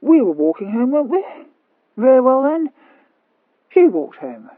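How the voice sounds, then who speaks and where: A woman voicing a tipsy, stolid young Regency gentleman who speaks in slow, clipped, dogged phrases. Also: high voice, very animated, no room sound, narrow, tinny audio, voice pushed up, heavily acted.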